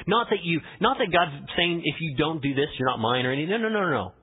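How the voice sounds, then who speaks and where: Male pastor, higher-pitched husky voice, conversational sermon, thin phone-like recording. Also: animated, fast talker, few pauses. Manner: conversational preaching, swings between emphatic and hushed. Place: church sanctuary. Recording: tinny phone-like church audio.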